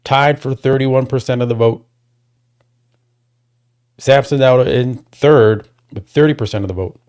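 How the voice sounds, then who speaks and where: A man with an ordinary mid-pitched voice chats loosely to his livestream audience, trailing off and restarting as he goes. When something annoys him he jumps up in pitch and volume, ranting before settling back down. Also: measured pace. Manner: rambling, restarts, talks to chat; gets worked up and loud when complaining. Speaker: livestream host. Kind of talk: casual livestream chat.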